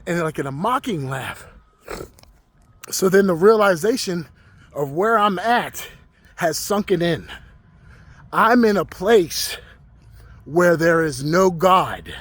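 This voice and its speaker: A man earnestly recounting a frightening dream to his followers, slowing down and stressing words for emphasis. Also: high voice. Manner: earnest, emotional, slows down for emphasis. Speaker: Christian social media creator.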